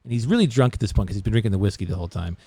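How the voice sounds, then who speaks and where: Animated male podcast host telling a joke. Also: on the low side, racing, breathy edge, dry recording. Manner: animated storyteller with crude humor.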